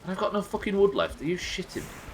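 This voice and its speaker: A man's voice: high voice, very animated, fast talker, a little hiss or hum. A young man hosting a live game stream, bantering with chat in a sweary, exasperated way. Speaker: streamer host.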